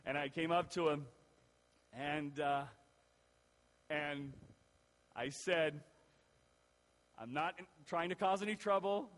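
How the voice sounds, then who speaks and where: A male pastor telling a personal story in a sermon, lively and acting out the voices of the people in it. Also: fairly high pitch. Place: church. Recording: long reverb of a church hall.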